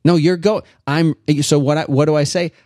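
A man's voice: on the high side, fairly even intonation, moderate pace, mellow, no echo, clean studio sound. A father telling a rambling parenting anecdote in casual podcast chat.

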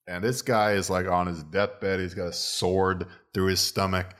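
A man with a very deep, low voice spins a crude joke in relaxed conversation. He rambles and swears casually as he builds toward the punchline. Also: unhurried. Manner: profane, rambling storyteller.

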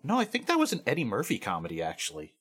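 Sarcastic podcaster with a lively voice. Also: medium pitch, rapid-fire, slightly rough. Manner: dry sarcastic asides, laughs at own jokes. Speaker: podcast co-host. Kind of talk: casual chat with band history narration.

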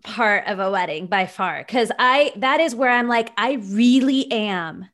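A woman hosting and interviewing as a fellow wedding planner, talking enthusiastically in quick bursts. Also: medium pitch, animated, fairly bright tone. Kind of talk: casual interview chat.

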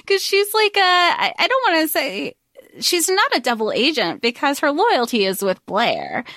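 A woman co-hosting a podcast, retelling a book's story in a rambling, excitable way full of fillers and swearing. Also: high-pitched, normal speed, dry recording, studio quality. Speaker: podcast co-host. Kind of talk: casual book-discussion chat.

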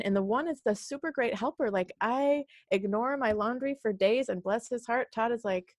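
A woman guest on a podcast, talking casually and chatting with a quick laugh. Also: medium pitch, no room sound, studio quality. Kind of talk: casual conversation.

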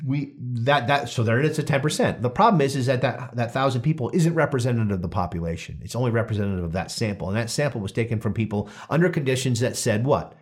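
A man's voice: medium pitch, fast talker, hardly any pauses. A man hosting a casual podcast, reading through a study with jokes and frequent self-corrections. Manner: animated, joking, often restarts and corrects himself. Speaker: podcast host.

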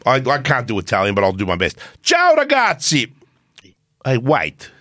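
A man's voice: fairly low pitch, fast, bright, forceful tone, no echo. A man co-hosting a podcast, chatting casually with laughter and swearing. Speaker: podcast co-host. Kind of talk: casual chat.

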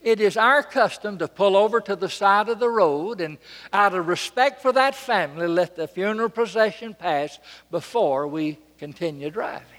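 A man preaching a sermon from a church pulpit, dramatic and emphatic, repeating phrases and swinging between loud and soft. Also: high voice, normal speed, big-room sound.

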